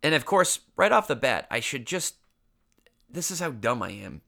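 A man's voice: mid-range voice, sing-song, normal speed, creaky, pushed and bright. Congested man telling a rambling story. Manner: rambling, self-mocking, swears freely. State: congested, getting over an illness. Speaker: podcast host. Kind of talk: casual storytelling monologue.

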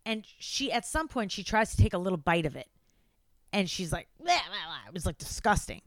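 A woman's voice: brisk, no room sound. Woman gushing about a movie on a podcast, dry close sound. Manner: animated, acts out quotes in a high frantic voice. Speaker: podcast co-host. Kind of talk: casual chat recapping a film.

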